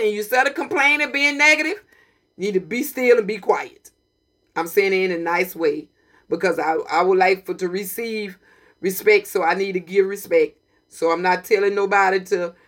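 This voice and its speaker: A woman hosting a community radio broadcast, talking with preachy, emphatic passion and repeating her points. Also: medium pitch. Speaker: radio host.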